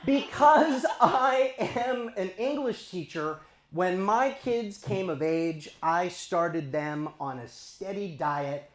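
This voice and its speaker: A man in his forties from eastern Los Angeles County does a stand-up set on a club stage before a live audience, talking to the crowd in a conversational, self-deprecating way. His high-pitched voice has lively intonation and a slow pace, in an echoey room.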